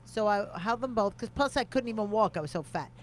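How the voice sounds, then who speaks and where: A woman's voice: medium pitch, expressive, a little fast, a little hiss or hum. A middle-aged woman, a podcast co-host, telling brash stories in a casual chat and laughing easily.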